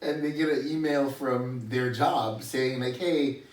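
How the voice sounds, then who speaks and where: A man's voice: medium pitch, a little slow, a crowd in the background. A young man co-hosting a podcast in casual chat, agreeable and chuckling along. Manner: agreeable, chuckling sidekick with lively intonation. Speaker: podcast co-host. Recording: roomy, distant mic.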